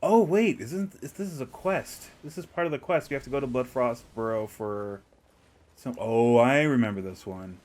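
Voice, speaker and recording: A man's voice: medium pitch, moderate pace, darkish tone. A man streaming a video game, chatting casually to himself and the game with frequent chuckles. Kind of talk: casual gameplay commentary.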